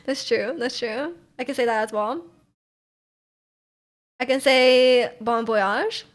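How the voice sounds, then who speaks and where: Young woman streamer, casual rambly chat full of "like", voice a touch high. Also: takes it slowly, pauses often. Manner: rambling, heavy use of "like", frequent laughs.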